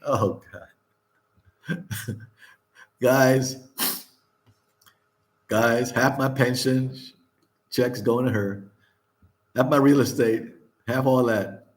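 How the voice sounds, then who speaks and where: Older man, vlog host, casual candid storyteller who laughs often and swears freely; mid-pitched voice. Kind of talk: casual chat.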